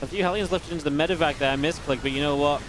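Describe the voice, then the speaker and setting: A man giving live play-by-play commentary on a strategy game match, quick and excitable, with restarts and filler words. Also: a little high, noisy background. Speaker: esports caster.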